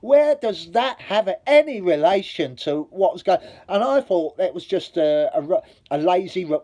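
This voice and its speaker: A man talks straight to camera in a blunt, rambling monologue, swearing freely and building heat as he argues. His voice sits at an ordinary middle pitch and has a dark, mellow tone. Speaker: vlogger. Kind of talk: opinionated review monologue.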